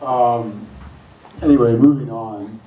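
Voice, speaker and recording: A man's voice: mid-range voice, takes it slowly, mellow, slight background noise. Rambling comic man in a roomy hall. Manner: rambling, laid-back, loose jokey delivery. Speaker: stand-up comedian. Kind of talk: stand-up comedy. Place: school hall open stage before a laughing crowd. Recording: roomy hall, mic set far off. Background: audience laughter.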